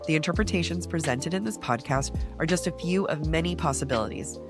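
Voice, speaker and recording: A woman co-hosting a book podcast in casual chat, slightly raspy and stuffed up from a cold, playful and quick to laugh. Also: sits low, over music. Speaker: podcast co-host.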